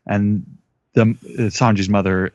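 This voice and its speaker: A man with a low voice summarizes a comic scene at an easy pace, with plenty of fillers. The audio is dry and slightly dull. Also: level tone, measured pace, a little mellow, no room sound. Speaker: podcast co-host or guest. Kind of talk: casual chat recapping a manga chapter.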